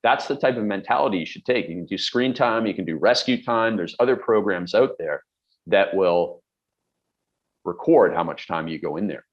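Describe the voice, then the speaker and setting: A middle-aged man with a deep voice offers productivity advice direct to camera, speaking bluntly and with emphasis while drawing on everyday examples. The audio is dull.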